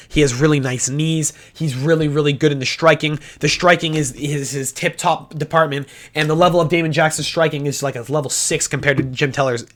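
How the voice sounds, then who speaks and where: A man rattles off his fight picks at a rapid clip, his voice sitting a little high. He is blunt and opinionated, swears freely and trips over his own restarts. It is casual, unscripted breakdown talk. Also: fairly bright tone. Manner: fast talking with restarts. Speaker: fight predictions host.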